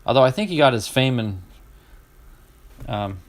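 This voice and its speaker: Middle-aged man, Southern US accent, relaxed chat as a card-breaking streamer, restarts a lot and laughs along. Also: medium pitch, normal speed. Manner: chatty, laughs easily, restarts and trails off. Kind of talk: casual chat.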